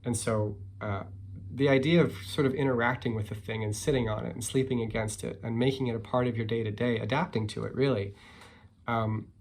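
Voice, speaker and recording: Male picture book author, casual and reflective, hesitant phrasing, middle pitch. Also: a little fast. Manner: relaxed, musing, many fillers and hedges. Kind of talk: casual talk and read-aloud.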